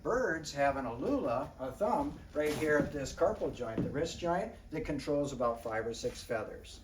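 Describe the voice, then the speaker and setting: A man's voice: a little high, animated, moderate pace. Roomy, distant man lecturing an audience. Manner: conversational, quizzes the audience; clears throat often. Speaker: wildlife biologist giving a public talk. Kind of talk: lively illustrated lecture to an audience. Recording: roomy, distant mic, faint background noise.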